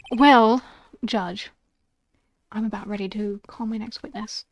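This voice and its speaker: A woman voicing a smooth, teasing male prosecutor from a video game, reading his lines aloud in a lowered, unhurried voice. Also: steady tone, close to an everyday voice. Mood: suave.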